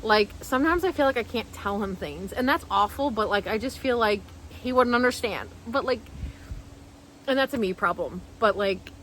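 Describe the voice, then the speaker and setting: A woman's voice: a little high, expressive, moderate pace, fairly bright tone, slight background noise, low-quality recording. Emotional rambling woman vlogger. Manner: emotional, rambling, lots of "like" and restarts. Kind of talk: casual storytelling to camera.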